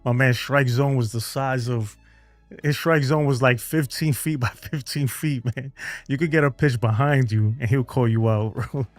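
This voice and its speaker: A man's voice: medium pitch, moderate pace, no room sound. Chill new dude on a fan stream, laughs a lot, says man every other line, bit of music behind him. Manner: laid-back, laughs often, says "man" and "bro" a lot. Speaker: baseball fan channel host. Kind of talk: casual live-stream chat reading viewer comments. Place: home.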